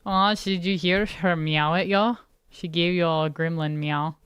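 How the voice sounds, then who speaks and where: A woman's voice: fairly low pitch, steady tone, a little slow, fairly bright tone, clear, resonant tone, dry recording. A woman streamer chatting casually with her live viewers, laid-back and giggly, greeting people by name. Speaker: game streamer.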